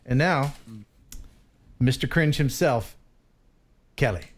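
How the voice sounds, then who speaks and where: A man's voice: medium pitch, slow. Chatty male live-stream host. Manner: chatty, reads viewer messages aloud. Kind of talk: casual live-stream chat.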